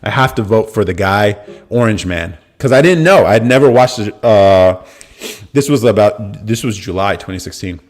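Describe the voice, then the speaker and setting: A young American man hosting a live podcast, telling a story in a casual, animated way and swearing freely. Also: fairly low pitch, normal speed. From United States. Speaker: podcast host. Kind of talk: casual livestream talk.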